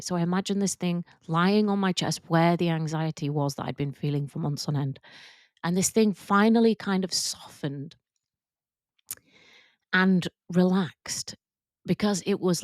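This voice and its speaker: Soft-spoken woman podcaster, lowish voice. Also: dry recording, studio quality. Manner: soft, reflective and openly emotional, with casual fillers. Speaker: podcast host and work confidence coach. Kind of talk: candid personal storytelling on a podcast.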